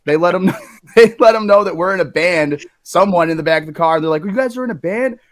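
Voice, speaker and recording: A man's voice: high voice, fast, dry recording, studio quality. Man telling a wild story. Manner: animated, swearing, acts out quoted lines. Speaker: guest storyteller. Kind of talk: casual podcast storytelling.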